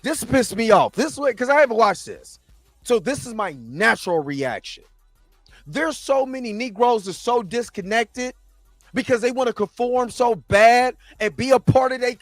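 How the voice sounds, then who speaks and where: A man's voice: extremely high pitch, fairly bright tone, no room sound. A man hosting a reaction show, delivering heated, impassioned commentary with frequent stumbles and restarts.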